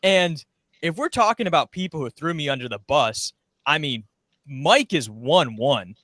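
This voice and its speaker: Young man, former intern, casual podcast guest, rambling storyteller, fairly high voice, dry close sound. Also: expressive, unhurried, sharp tone, no echo. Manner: rambling storytelling, acts out quoted lines.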